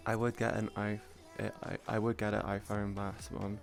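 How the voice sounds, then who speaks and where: Chatty, swearing streamer over soft music. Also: deep voice, normal speed, vocal fry. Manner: animated, swearing, restarting sentences. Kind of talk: casual chat on a livestream.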